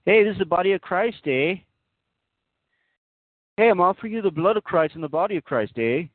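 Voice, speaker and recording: A man's voice: high-pitched, expressive, fairly quick, no echo, voice pushed up. A man voicing a brash joking Canadian priest in a put-on Canadian accent, ending every phrase with a sing-song "eh?", over a dry, tinny phone-line recording. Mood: mocking.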